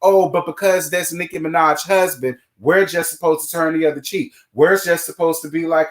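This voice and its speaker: A man's voice: fairly high pitch, normal speed, few pauses. Sassy, foul-mouthed man hosting a live stream. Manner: sassy, blunt, swears freely; greets chat viewers by name. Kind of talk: casual live-stream commentary.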